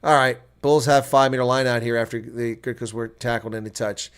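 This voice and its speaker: An American man giving live reaction play-by-play commentary, chatty with viewers and breaking into loud shouts at big plays. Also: medium pitch, little pitch movement, brisk, few pauses, clean tone. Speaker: host.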